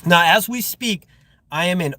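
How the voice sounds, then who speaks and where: A man's voice: sits high, lively intonation, normal speed, background noise. A man working as a security guard, chatting casually on a live stream, rambling with fillers and sounding irritated. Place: outdoors at a guarded facility.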